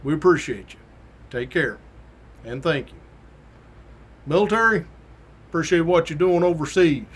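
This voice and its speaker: Folksy storytelling man, higher voice. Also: animated, moderate pace, pauses often, breathy edge. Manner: folksy, acts out quoted voices with rising pitch. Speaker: podcast host, retired state trooper. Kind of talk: casual storytelling monologue.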